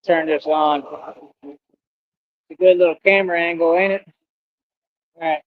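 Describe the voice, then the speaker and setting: A man casually talking on a livestream, boastful and swaggering, full of street slang, now and then bursting into high sing-song bits. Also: steady tone, normal speed, no room sound. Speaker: streamer. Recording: dull lo-fi stream audio.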